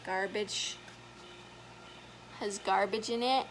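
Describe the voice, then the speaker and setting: A woman reading a picture book aloud to children as a story time educator, chatty and gentle, stopping to point at the pictures. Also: mid-range voice, fairly even intonation, takes it slowly, noisy background.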